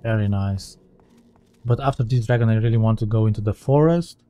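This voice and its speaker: A man's voice: fairly low pitch, brisk, warm tone, no room sound. A man giving casual let's-play commentary as he plays, thinking aloud and often correcting himself mid-sentence. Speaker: gaming channel host.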